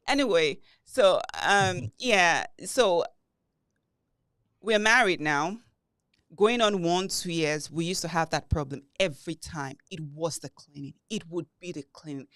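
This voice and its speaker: Animated woman podcaster, low-ish dry voice. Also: moderate pace, dry recording. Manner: animated, retells arguments with heavy emphasis. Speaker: podcast co-host. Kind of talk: casual chat.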